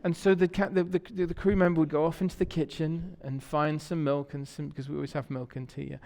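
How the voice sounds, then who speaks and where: A man's voice: on the high side, steady tone, brisk, creaky, a little mellow. A man with an English accent preaching a sermon in a church, telling stories in a conversational way and asking the congregation questions. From England. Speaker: pastor. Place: church sanctuary. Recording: long church reverb.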